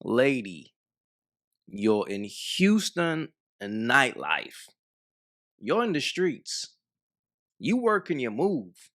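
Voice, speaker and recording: A man's voice: mid-range voice, very animated, drawn-out words, long pauses, a bit bright. A man hosting a reaction channel, giving blunt, mocking commentary on a clip and talking straight to his viewers. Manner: blunt, mocking, talks to the fellas.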